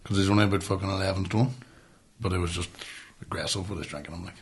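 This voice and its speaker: A man's voice: low voice, steady tone, fast, background noise. A man co-hosting a podcast, telling rambling, sweary stories in casual chat. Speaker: podcast co-host.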